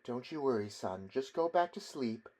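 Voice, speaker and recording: A man voicing an elderly mother who soothes her grown son at his bedside, in a soft, hushed, gently reassuring voice. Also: medium pitch, expressive, normal speed, lightly acted. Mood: soothing.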